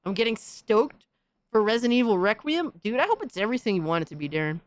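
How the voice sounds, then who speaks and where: A woman hosting a stream, chatting casually and reacting with excitable, profane trash talk. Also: on the high side, fast, no room sound. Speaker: streamer host.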